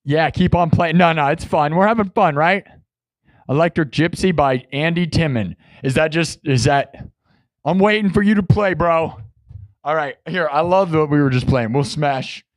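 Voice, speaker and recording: A man hosting a live music stream, chatting in a rambling, excitable way and breaking into shouts. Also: fairly high pitch, moderate pace, no echo. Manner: excitable, bursts into shouts, heavy use of "like".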